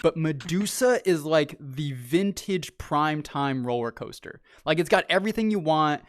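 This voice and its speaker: A man's voice: fairly high pitch, normal speed. A man from California telling a story in casual chat, acting out quotes and laughing often. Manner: animated, acts out quotes in raised voice, laughs often.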